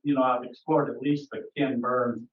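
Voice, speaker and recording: A man's voice: medium pitch, little pitch movement, normal speed. A man asking curious questions at a camera club, searching for his words as he goes. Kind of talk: casual club discussion. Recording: distant, phone-like, echoey.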